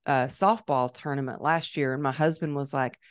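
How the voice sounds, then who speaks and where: A woman's voice: very deep voice, steady tone, normal speed, smooth, no room sound, studio quality. A woman guest on a podcast, telling her personal story in a candid, upbeat way. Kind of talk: conversational interview. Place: podcast studio.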